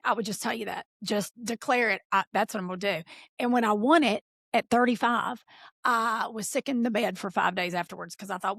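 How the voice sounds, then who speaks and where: A middle-aged woman chatting as a guest in a home art studio, an animated storyteller who acts out remembered dialogue. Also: a little high, normal speed, creaky, no room sound. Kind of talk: casual chat.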